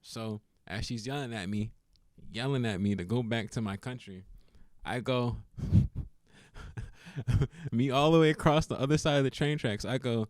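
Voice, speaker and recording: A man's voice: mid-range voice, normal speed, long pauses, dry recording. A young man telling a funny personal story in a casual vlog, laughing often and acting out what people said. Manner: animated, laughs often, acts out quotes.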